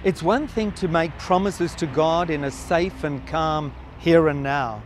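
A man's voice: on the high side, unhurried, a little hiss or hum. A man narrating a scripted introduction and asking dramatic rhetorical questions. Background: music.

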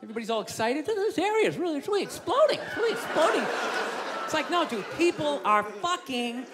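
A man doing stand-up comedy, loud and profane, ranting and mocking people in put-on voices. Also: extremely high pitch, very animated, fast talker, very noisy. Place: comedy club stage. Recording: live club recording with crowd laughter. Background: audience laughing.

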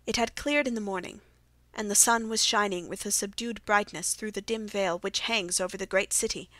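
A woman narrating a classic detective story audiobook in a steady, even reading. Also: mid-range voice, normal speed, no echo. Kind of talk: scripted narration.

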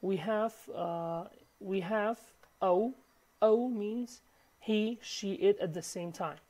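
A woman whose first language is Kurdish, teaching a language lesson in halting English full of fillers, repeating each word for practice. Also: mid-range voice, dark tone. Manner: halting, many fillers and restarts. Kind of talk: recorded online lesson.

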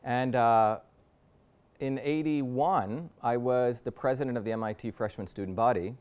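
A man's voice: medium pitch, unhurried, darkish tone, clear, resonant tone. Man in his fifties giving a conversational lecture. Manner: conversational, walks through slides with frequent restarts. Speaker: invited guest speaker. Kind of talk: lecture to a university audience. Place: university lecture room.

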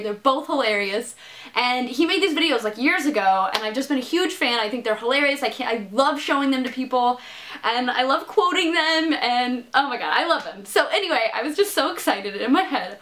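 High-voiced giggly woman vlogger. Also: brisk. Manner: excitable, giggly, self-mocking. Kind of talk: casual storytelling vlog.

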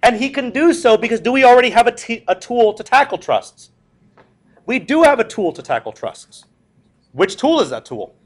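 A man's voice: very high-pitched, sing-song, normal speed. A male history teacher giving a classroom lecture. He tells stories with jokes and puts questions to the class. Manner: joking, storytelling, asks the class questions.

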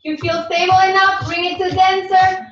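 A woman leading a dance class warm-up, giving calm, encouraging cues that sometimes turn sing-song. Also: extremely high pitch, moderate pace. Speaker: dance instructor. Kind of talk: guided warm-up class instruction. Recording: far-off echoey room, dull sound, music behind.

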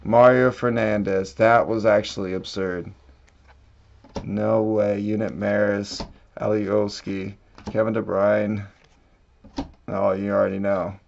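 A man hosting a card-breaking video, quietly reading off card names and bursting out loud at the big pulls. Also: on the low side, little pitch movement, takes it slowly, gravelly, long pauses, dull audio. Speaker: card-breaking channel host. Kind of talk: casual pack-opening commentary.

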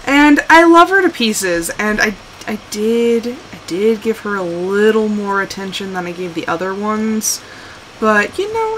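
A woman's voice: medium pitch, animated, a little slow, fairly bright tone, slight background noise, rough recording. A woman streaming a survival game live, chatting casually and exclaiming, scolding her game character as she plays. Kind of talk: casual live gameplay commentary.

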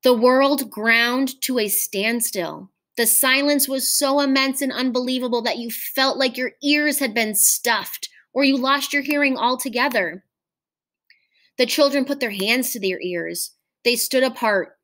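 A woman teacher reading a short story aloud in a measured, expressive storytelling manner. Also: sits high.

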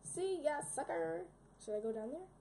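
A young woman giving casual, excitable commentary while playing a game, often yelping and repeating words in a panic. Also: high-pitched, normal speed, a little hiss or hum. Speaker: gaming video creator.

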